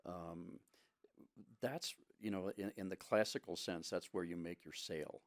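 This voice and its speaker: A man co-hosting a casual podcast conversation, speaking in a measured, reflective way with many restarts. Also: deep voice, steady tone, no room sound, clean studio sound. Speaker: podcast co-host.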